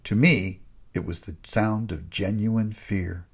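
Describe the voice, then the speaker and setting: An older man reads his own story aloud in a very low, gravelly voice. His tone is husky, and he keeps the telling hushed and suspenseful. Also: steady tone, takes it slowly. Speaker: author narrating his memoir. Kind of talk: audiobook narration.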